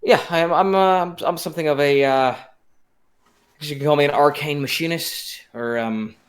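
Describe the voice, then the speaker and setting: A man playing a tabletop role-playing game in character, wry, halting, restarting often. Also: on the high side. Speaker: player.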